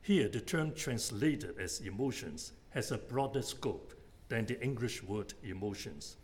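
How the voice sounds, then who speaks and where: A man's voice: on the low side, a little hiss or hum. A man giving an academic lecture on philosophy, methodically setting out numbered points. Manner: measured, methodical, enumerating points.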